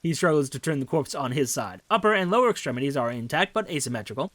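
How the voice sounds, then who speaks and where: A man's voice: on the high side, animated, fast, fairly bright tone, dry recording. A man narrating a detective game, reading the text aloud in a casual way with wry asides. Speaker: game streamer.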